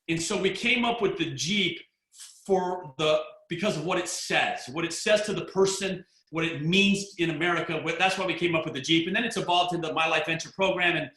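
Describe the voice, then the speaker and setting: Man, bright tone, animated storyteller full of restarts, echoey room. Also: high voice. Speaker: network marketing distributor. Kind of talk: storytelling talk.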